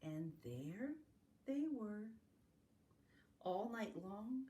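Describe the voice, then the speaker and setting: A woman reading farm-animal picture books aloud to young children in a slow, sing-song storytime manner, adding animal sounds along the way. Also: medium pitch, lively intonation, mellow, slight background noise. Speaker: family literacy facilitator. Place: home, recorded for an online circle.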